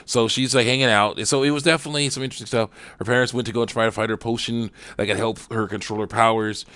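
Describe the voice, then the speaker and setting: A man's voice: medium pitch, fairly even intonation, fast talker, fairly bright tone, no echo. A man giving a casual cartoon review, rambling with lots of fillers and chuckles.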